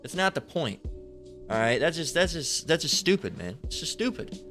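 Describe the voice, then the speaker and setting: A man's voice: fairly high pitch, very animated, moderate pace, fairly bright tone, faint music behind. A man giving a rambling, profane casual preaching rant about scripture, often repeating himself and swearing. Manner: rambling, repetitive, swears a lot. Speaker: religious commentator.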